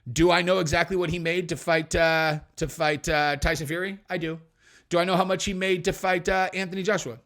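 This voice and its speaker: A man hosting a podcast, telling stories and commenting in a brash, animated, profane way. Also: high-pitched. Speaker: podcast host.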